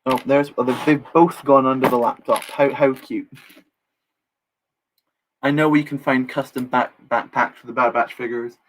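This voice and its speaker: A man's voice: medium pitch, steady tone, moderate pace, a little hiss or hum. A young man chatting casually on a live stream while building, reading chat aloud and joking at his own expense. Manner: chatty, reads chat aloud, self-deprecating jokes.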